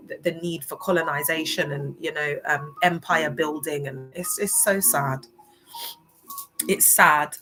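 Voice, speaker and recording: A woman's voice: low-pitched, pushed and bright, rough recording. A woman talks casually to her viewers, rambling and getting emotional as she goes. Her speech is full of fillers and restarts. Faint music plays underneath. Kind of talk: casual livestream chat.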